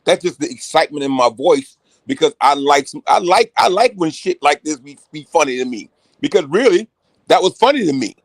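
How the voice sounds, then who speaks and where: Loud, excitable man in casual talk. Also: a little high, fairly quick, no room sound. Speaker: show regular. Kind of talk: casual chat.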